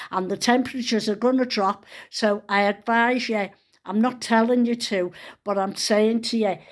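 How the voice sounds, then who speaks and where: Older woman vlogging, rambling chatty storyteller, swears freely. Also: medium pitch. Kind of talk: casual storytelling monologue.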